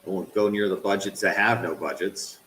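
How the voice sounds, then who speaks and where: A man streaming a game, swearing at it and swinging from low grumbling to loud yelling while he talks to his chat. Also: fairly even intonation, a little fast, reverberant, low-quality recording. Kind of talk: live game stream commentary.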